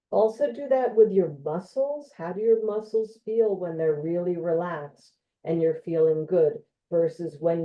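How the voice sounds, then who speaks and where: A woman occupational therapist giving an informal educational talk in a gentle, conversational way, with frequent ums and you-knows. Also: deep voice. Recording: tinny phone-like online audio.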